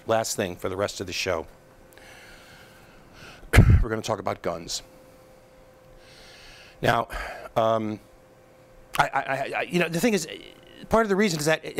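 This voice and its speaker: A man's voice: mid-range voice, expressive, moderate pace, pauses often. A man hosting a political commentary show, talking in an emphatic, scornful monologue that mocks his targets and often restarts his sentences.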